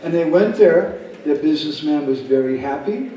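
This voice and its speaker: A man's voice: fairly high pitch, lively intonation, normal speed, warm tone. Man telling a devotional story. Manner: acts out story characters. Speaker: speaker at a devotional camp. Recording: echoey hall, speaker far from mic.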